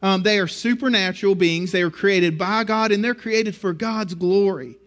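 A middle-aged man preaching a sermon in a conversational, animated way, often restarting his phrases. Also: sits high, normal speed. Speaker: pastor.

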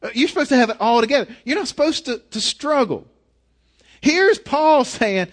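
Male pastor, high voice, earnest conversational sermon delivery with frequent restarts. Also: expressive, moderate pace.

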